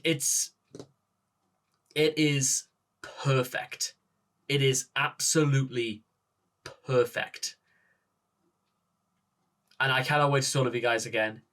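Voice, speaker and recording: A man with a Northern English accent hosting a music reaction video, gushing and halting, with many restarts and rhetorical questions. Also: mid-range voice, sharp tone. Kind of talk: excited reaction talk to camera.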